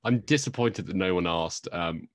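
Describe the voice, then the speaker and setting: Co-hosting a podcast, a man chats casually, drifting into rambling, joking asides. He has a low voice at normal speed, recorded in clean studio sound with no echo.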